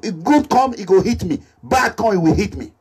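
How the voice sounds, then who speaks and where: A man with a Nigerian accent delivers an impassioned social media appeal, recorded as a selfie video indoors. His husky voice sits fairly high and leaps around, and he repeats his points and drifts into Pidgin English. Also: brisk. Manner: animated, repetitive, mixes Pidgin English. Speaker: political activist. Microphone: phone or camera selfie video.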